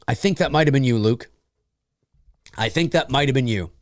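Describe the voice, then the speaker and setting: A man's voice: mid-range voice, normal speed, dry recording. A man from Canada hosting a casual live-stream Q&A, rambling, repeating phrases and reading out viewers' comments.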